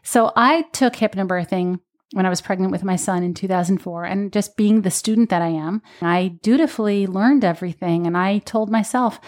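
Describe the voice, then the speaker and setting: A woman's voice: medium pitch, normal speed. A woman who teaches birth classes, telling her own birth story in casual podcast chat, acting out the lines she quotes. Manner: animated storytelling with quoted voices. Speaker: birth educator.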